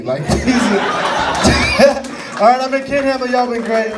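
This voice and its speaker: A young adult male stand-up comedian performing a set in a comedy club. He is animated, addresses the crowd directly and chuckles through his punchlines. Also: very high voice, slow pace, heavy background noise. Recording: distant stage mic with crowd laughter.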